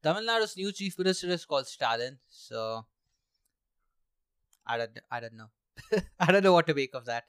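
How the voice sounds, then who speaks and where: A man's voice: a little high, fairly bright tone, clear, resonant tone, dry recording, studio quality. A young man from India hosting a solo podcast at home, rambling sarcastically with swearing and laughs while drinking. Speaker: podcast host. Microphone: handheld mic.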